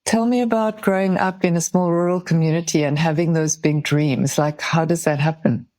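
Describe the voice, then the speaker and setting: A woman hosting a podcast, asking calm, measured, curious questions. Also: deep voice, no echo. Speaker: podcast host. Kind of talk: interview questions.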